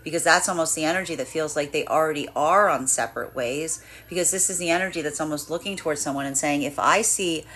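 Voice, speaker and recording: A woman's voice: deep voice, quick pace, hardly any pauses, fairly bright tone. A woman giving a live tarot reading in a rambling, chatty way, full of fillers and frequent laughs. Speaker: tarot reader.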